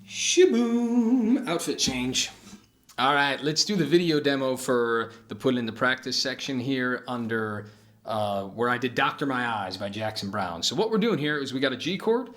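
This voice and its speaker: A man's voice: medium pitch, expressive, normal speed, pushed and bright. A man giving a casual guitar lesson, explaining patterns and counting beats aloud as he plays. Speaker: guitar teacher. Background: acoustic guitar playing.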